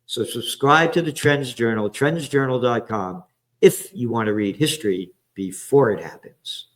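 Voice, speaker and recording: A man delivers a heated political rant, cursing freely and dripping with sarcasm. His voice is mid-pitched and ordinary, and he hops restlessly from one item to the next like a host reading through his own headlines. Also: a little slow, a bit bright. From the Bronx, New York. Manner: profane, sarcastic, heated, jumps between topics. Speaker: commentator and host. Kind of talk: ranting political commentary.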